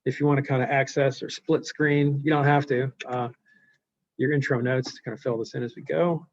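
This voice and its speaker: A man's voice: medium pitch, level tone, a little fast. A male teacher giving a live online class lecture, explaining loosely with fillers and frequent check-ins. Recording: dull lo-fi sound.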